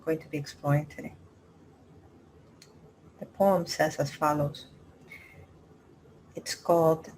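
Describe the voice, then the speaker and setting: A woman meditation teacher giving a gentle, measured mindfulness talk, pausing often with soft ums. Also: low voice, a little hiss or hum, low-quality recording. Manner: soft-spoken, measured, frequent pauses and ums.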